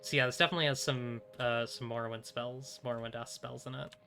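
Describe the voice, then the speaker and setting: A man's voice: medium pitch, steady tone, fast talker, creaky, pushed and bright, soft background music. A man casually commenting while playing a video game on a live stream, chatty, swearing freely and talking to himself in short bursts.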